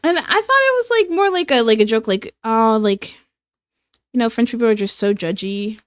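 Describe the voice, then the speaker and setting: A woman's voice: fairly high pitch, lively intonation, moderate pace, clear, resonant tone, no room sound, studio quality. A young woman chatting casually as she draws on a stream, rambling with lots of fillers and breaking into laughs. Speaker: streamer and illustrator. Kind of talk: casual chat while drawing.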